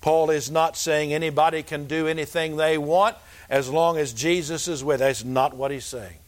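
Emphatic preaching man, quite high voice. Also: steady tone, normal speed. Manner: earnest, emphatic preaching with repeated phrases. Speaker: pastor. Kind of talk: sermon. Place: church sanctuary.

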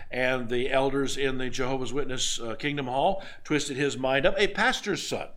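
A man's voice: fairly high pitch, a bit bright. A man preaching a sermon in a folksy, emphatic way, repeating his exhortations. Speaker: pastor.

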